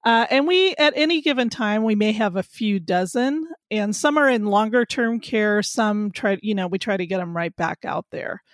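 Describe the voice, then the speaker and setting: A woman from California answering interview questions as a guest author, friendly and relaxed as she tells stories. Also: medium pitch, normal speed, hardly any pauses, no room sound, studio quality. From California, USA.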